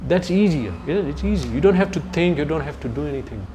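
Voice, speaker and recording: A man lecturing on scripture to a youth audience, his voice pitched somewhat above the usual male range. He talks like he's telling stories, stopping now and then to hunt for a word or to check in with his listeners. A faint hiss runs under the recording. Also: lively intonation, fast talker. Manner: conversational storytelling with asides to listeners; searches for words mid-sentence. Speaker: spiritual lecturer.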